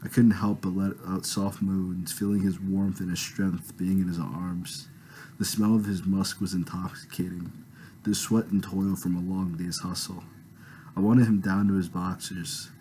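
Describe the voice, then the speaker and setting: A man's voice: low voice, flat delivery, a little slow, warm tone, slight background noise, poor audio. A man reading his own novel aloud with a home microphone, casual and self-conscious in his asides. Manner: laughs off awkward passages, casual.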